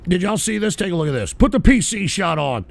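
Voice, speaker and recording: A man hosting a live political stream, ranting with profane, scornful outbursts that rise into shouts. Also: high-pitched, very animated, fairly quick, vocal fry. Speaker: host.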